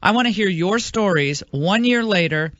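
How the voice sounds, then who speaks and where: Bright, chatty woman radio host. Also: mid-range voice, expressive, moderate pace, no echo, highs cut off. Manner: chatty, emphatic, with frequent fillers. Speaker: radio talk show host. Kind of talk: casual talk radio. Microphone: studio microphone.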